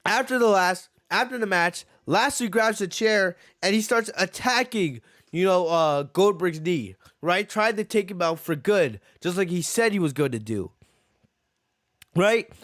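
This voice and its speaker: A man's voice: high-pitched, lively intonation, measured pace, a bit bright, dry recording, studio quality. A man hosting a podcast, giving a heated, profane wrestling review that repeats its points. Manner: ranting, repeats himself, profane. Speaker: podcast host.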